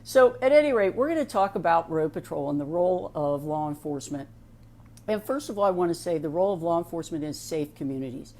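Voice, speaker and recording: Middle-aged Ohio woman, lowish voice, chatty. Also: expressive, fast, a little mellow. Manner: conversational, frequent "you know" asides and restarts. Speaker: sheriff's office veteran speaking on a program. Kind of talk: casual monologue with a personal story.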